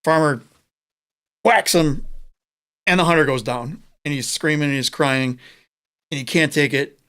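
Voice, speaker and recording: A man with a somewhat higher voice tells a long joke on a casual podcast. He acts out the characters' lines with lively, animated storytelling. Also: measured pace, clean tone. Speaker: podcast co-host. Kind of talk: casual chat, telling a joke.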